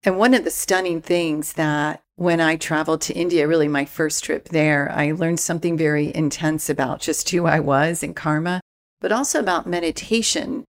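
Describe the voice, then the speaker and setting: A woman speaking as a spiritual mentor guest in a relaxed interview, calm and reflective with easy laughs. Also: deep voice, normal speed. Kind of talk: casual interview chat.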